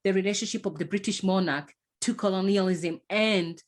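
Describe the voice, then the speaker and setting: A woman hosting a podcast, talking in a casual, halting way with many fillers and restarts. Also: mid-range voice. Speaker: podcast host. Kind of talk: casual conversation.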